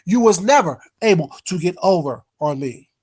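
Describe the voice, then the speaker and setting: A man's voice: sits high, lively intonation, normal speed, a little mellow, husky. A man hosting a casual livestream, bluntly cussing out trolls and greeting viewers in the chat by name. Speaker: livestream host.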